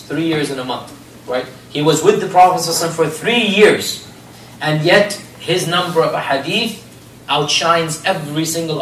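A man's voice: a little high, fairly bright tone, slight background noise. A man teaching religious history as a story, asking rhetorical questions and using Arabic phrases. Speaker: Islamic history lecturer. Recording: roomy, distant mic, faint ambience.

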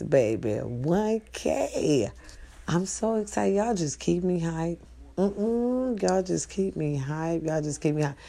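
Gravelly-voiced woman giving blunt advice. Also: lowish voice. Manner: profane, blunt, animated preaching. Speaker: vlogger. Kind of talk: casual advice rant to viewers.

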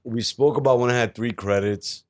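A young New man trading rough, profane banter as a podcast co-host. He rambles, stops and restarts his sentences. His voice sits at an ordinary middle pitch for a man. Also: normal speed, a little mellow. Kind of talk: casual chat.

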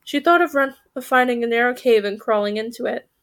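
A woman's voice: on the high side, fairly quick, a bit bright. A woman reading a children's fantasy story aloud, voicing the characters and stopping to correct her own slips.

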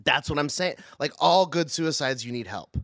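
A young man co-hosting a podcast, chatting loosely and laughing often through dark banter in a small studio. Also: fairly high pitch, lively intonation, moderate pace, dry recording. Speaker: podcast co-host. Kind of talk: casual chat.

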